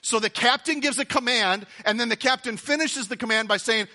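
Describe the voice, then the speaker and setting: A man delivering a sermon in a high, bright voice. He preaches with eager enthusiasm and often repeats phrases for emphasis. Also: fairly quick. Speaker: pastor. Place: church auditorium with several campuses.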